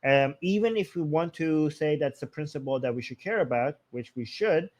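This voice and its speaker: A man's voice: on the high side, expressive, moderate pace, darkish tone. A man co-hosting a live-stream talk show, arguing a point in a thinking-aloud way with frequent restarts. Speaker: political commentary co-host. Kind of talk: casual live-stream discussion.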